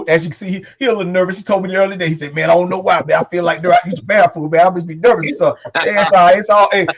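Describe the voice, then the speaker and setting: Male talk host, casual and profane, rapid talker, sits a bit high in his range, leans on filler phrases. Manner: loose, profane, repeats "man" and "you know what I'm saying". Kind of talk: casual talk show chat.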